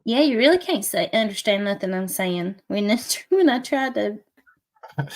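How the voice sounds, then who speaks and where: Co-hosting a livestream, a woman with a thick Appalachian accent chats casually and laughs often. Her medium-pitched voice is expressive, at a moderate pace.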